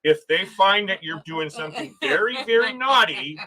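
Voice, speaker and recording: A man's voice: high-pitched, lively intonation, moderate pace, sharp tone, low-quality recording. A man hosting a casual travel livestream, reading viewer comments aloud, chatting and laughing often, restarting his sentences. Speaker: livestream host.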